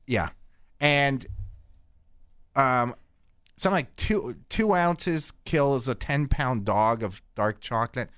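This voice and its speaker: A middle-aged man from Canada rambles through profane stories in a deadpan comic tone, his voice at a typical pitch for a man. He hosts a podcast, and his voice sounds dry and close, with no echo. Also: takes it slowly, pauses often, smooth. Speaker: podcast host. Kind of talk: casual profane storytelling.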